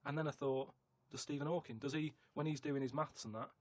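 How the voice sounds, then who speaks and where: Halting, rambling man, dry sound. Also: mid-range voice, fairly even intonation, darkish tone, no room sound. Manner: halting, rambling, many restarts. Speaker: regular guest. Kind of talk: casual studio chat. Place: radio studio.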